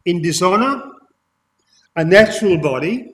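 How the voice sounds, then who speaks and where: A man preaching an expository sermon, emphatic, repeating key phrases and addressing his listeners as ladies and gentlemen. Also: sits high, animated, a little slow. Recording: long hall reverb.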